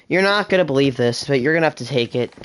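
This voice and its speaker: A seventeen-year-old livestreamer talking fast and rambling to themselves during casual gameplay chatter. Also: medium pitch, animated, fairly bright tone, a little hiss or hum. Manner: fast, rambling self-talk with laughs. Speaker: gaming livestreamer.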